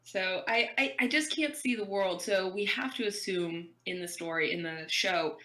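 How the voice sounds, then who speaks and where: Bright-voiced woman co-hosting a fan podcast. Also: mid-range voice, moderate pace. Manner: eager, rambling recaps acting out scenes. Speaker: podcast co-host. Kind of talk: casual fan chat.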